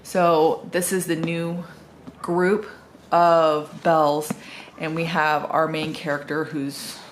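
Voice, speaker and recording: A woman's voice: low-pitched, level tone, slow, slight background noise. A woman from the US Northwest, chatting casually as a book vlogger, rambling with fillers and correcting herself as she goes. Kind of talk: casual chat.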